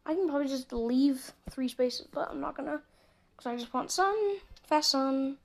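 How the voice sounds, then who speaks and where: A woman's voice: sits high, moderate pace, vocal fry. A woman casually commentating a mobile game, chatting to viewers and muttering asides as she plays. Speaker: gameplay commentator. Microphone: phone screen recording mic.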